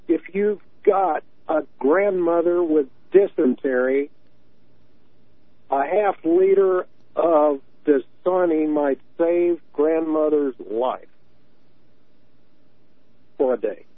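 A man's voice: on the high side, no room sound. A man in his early sixties calling in to a radio show, talking earnestly and often repeating words as he makes his point. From Tennessee. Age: 60s. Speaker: caller. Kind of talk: call-in radio talk. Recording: tinny dry phone line.

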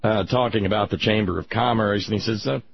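A man's voice: fairly low pitch, fairly even intonation, quick pace, creaky, a little hiss or hum. A man hosting political talk radio, rambling and sardonic, with many restarts. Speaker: radio talk show host. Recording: dull lo-fi broadcast sound.

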